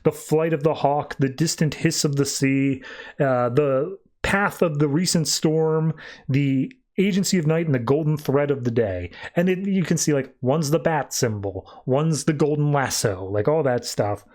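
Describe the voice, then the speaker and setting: A man's voice: on the high side, a little slow, a little mellow. A young man hosting a podcast, recapping comics casually and slipping into quoted voices. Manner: laid-back, lots of "like" and quoted voices. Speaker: podcast host.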